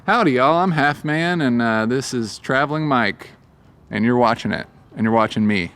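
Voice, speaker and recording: A man's voice: mid-range voice, normal speed, a bit bright, slight background noise. A young man, a singer-songwriter answering interview questions outdoors in a park, rambling in an easygoing way with lots of ums and uhs.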